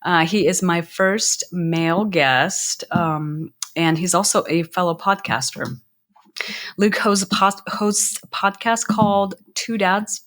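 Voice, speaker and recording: A woman's voice: on the low side, steady tone, slow, fairly bright tone. A woman hosting an interview podcast, chatty and easygoing, with hesitant restarts as she asks her questions. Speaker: podcast host. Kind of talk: casual interview talk.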